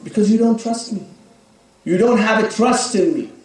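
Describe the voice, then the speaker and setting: A man's voice: sits high, moderate pace, a little mellow, pitched above the performer's own voice, close to an everyday voice. A man voicing God as a stern, testing male figure in a told sermon story, speaking insistently. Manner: challenging, insistent questioning. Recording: echoey hall, speaker far from mic.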